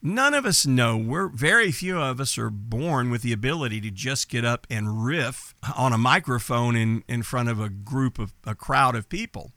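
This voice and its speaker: A middle-aged man with a light Texas accent, talking like a confident coach. His voice sits at an average pitch and jumps up when he stresses a point. The sound is close and dry. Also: lively intonation, moderate pace, few pauses, sharp tone, dry recording. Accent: light Texas accent, mostly neutral. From East Texas. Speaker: entertainment business coach, podcast host. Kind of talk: instructional podcast talk.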